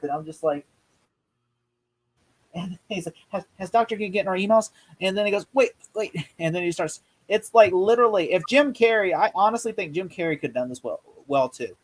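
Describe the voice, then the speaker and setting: Excitable man with a higher voice. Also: low-quality recording. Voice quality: excitable, rambling, quick to act out quotes. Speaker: podcast co-host. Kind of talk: casual movie review chat.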